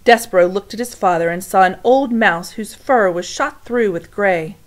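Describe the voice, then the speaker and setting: A woman reading a children's chapter book aloud, storytime style, with a middle-pitched voice. She often turns to talk straight to her young listeners between passages. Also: moderate pace, low-quality recording. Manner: warm direct address to listeners.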